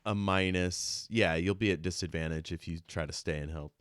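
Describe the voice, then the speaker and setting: A man running a tabletop game as game master over a video call, relaxed and quick to laugh. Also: low voice, no echo, studio quality.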